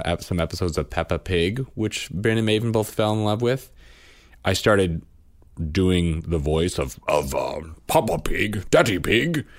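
Low-voiced man telling family stories. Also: clean tone. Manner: rambling, animated storytelling with restarts. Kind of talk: casual chat.

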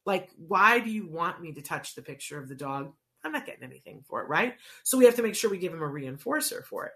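A woman's voice: fairly low pitch, big pitch swings, quick pace, a bit bright. A woman coaching parents on teaching a child words, explaining casually and often checking in with "right?". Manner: conversational, checks in with frequent "right?". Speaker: child language therapy coach.

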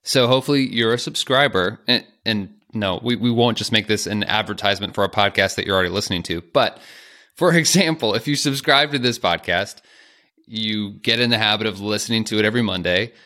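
A man's voice: lowish voice, brisk, sharp tone. A man co-hosting a productivity podcast, chatting casually with jokey, self-aware asides. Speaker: podcast co-host.

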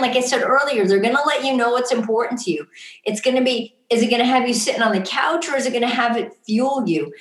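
A woman's voice: on the high side, echoey room. A woman co-hosting a casual motivational chat, upbeat and coaching, often checking in with "right?". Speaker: podcast co-host.

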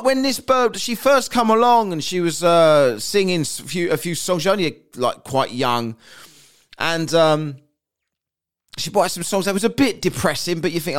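Sweary ranting man, high voice. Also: moderate pace, fairly bright tone. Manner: crude, sweary, sarcastic. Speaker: podcast host. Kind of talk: casual ranting chat.

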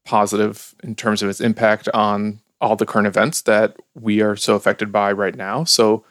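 A man's voice: lowish voice, level tone, moderate pace, a bit bright, no echo, clean studio sound. A man from Ukraine hosting a casual podcast, upbeat and chatty, laughing easily. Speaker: podcast host.

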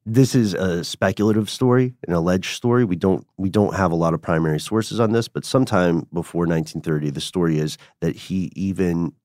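Low-voiced man telling a story. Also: fairly quick, hardly any pauses, dark tone, dry recording, studio quality. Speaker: podcast co-host. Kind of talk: casual storytelling chat.

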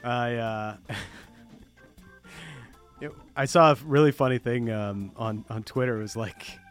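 A man's voice: medium pitch, steady tone, measured pace, clear, resonant tone, faint music behind. A man co-hosting a podcast in casual chat, laid-back and rambling with lots of fillers. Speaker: podcast co-host.

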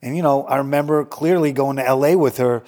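A man's voice: medium pitch, fairly even intonation, fast talker, darkish tone, in a large hall. A man telling a story in a casual interview, acting out quotes, laughing often and swearing freely. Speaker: guest storyteller.

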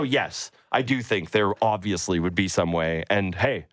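A man hosting a morning sports radio show, chatty and playful, now and then mocking others in high voices. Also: unhurried, hardly any pauses, no echo, clean studio sound. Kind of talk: animated sports radio chat. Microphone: studio microphone.

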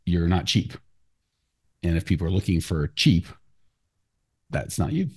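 A man hosting a podcast, coaching a client in a blunt, animated way. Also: low-pitched, measured pace, breathy edge. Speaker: business coach and podcast host. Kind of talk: casual coaching talk.

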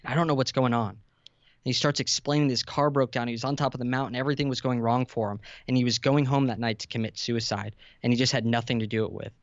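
A man's voice: medium pitch, steady tone, fast, no room sound, dull audio. A man in his twenties, a podcast guest, telling a vulnerable personal story in an earnest way that rises to intense emphasis. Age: 20s. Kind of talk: emotional storytelling in conversation.

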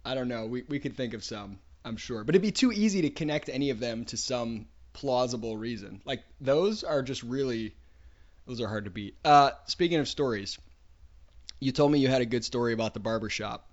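A man hosting a podcast, talking casually and thinking out loud. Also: mid-range voice, fairly quick, lo-fi sound. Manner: thoughtful, musing out loud. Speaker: podcast host. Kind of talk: casual conversation.

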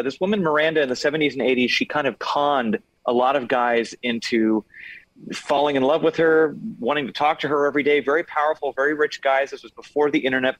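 A man's voice: mid-range voice, a bit bright, no room sound, poor audio. Chatty man on a dry video call. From Los Angeles. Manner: chatty, many fillers and restarts. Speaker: guest singer and actor. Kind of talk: casual interview over video call.

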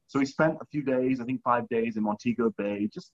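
Animated male storyteller, lo-fi sound. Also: mid-range voice, a little fast, creaky. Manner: animated, acts out quoted dialogue. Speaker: guest, skier. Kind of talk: storytelling in conversation.

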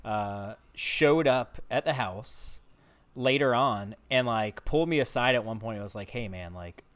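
A young man co-hosting a casual podcast, telling a story with many fillers and pauses. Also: medium pitch, a bit bright. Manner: hesitant, filler-heavy storytelling. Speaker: podcast co-host.

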